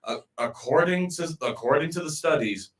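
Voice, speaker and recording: A man's voice: on the high side, lively intonation, normal speed. A man co-hosting a casual podcast chat, explaining ideas at length with many ums and restarts. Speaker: podcast co-host.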